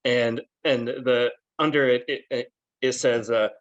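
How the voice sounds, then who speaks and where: A man's voice: medium pitch, steady tone, measured pace. Man on a dull lo-fi podcast line. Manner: hesitant, with stammered restarts. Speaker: podcast panelist. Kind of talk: casual roundtable chat.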